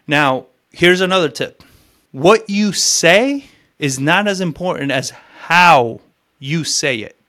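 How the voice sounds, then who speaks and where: Guy coaching cold calls, kinda high voice, blunt and swears a lot, acts out the calls. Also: fairly bright tone. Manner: blunt, profane, acts out both sides of phone calls. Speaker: sales coach. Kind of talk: teaching cold calling, acting out calls.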